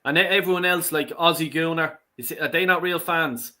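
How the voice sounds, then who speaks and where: Indignant man, bright voice. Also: on the high side, normal speed. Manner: indignant, profane, stumbling restarts. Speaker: fan channel co-host. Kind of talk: heated casual fan talk.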